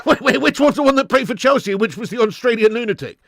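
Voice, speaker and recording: Excitable football watch-along host. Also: male voice, very high voice, fast talker, no room sound, clean studio sound. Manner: excitable, shouts at goals, laughs often.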